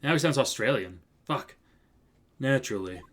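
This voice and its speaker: A man chatting loosely while he plays through a game on a live stream. He jokes about his own attempts at voices and swears now and then. His pitch is ordinary and mid-range. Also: quick pace, a bit bright. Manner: joking and self-deprecating, swears. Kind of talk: casual live-stream commentary.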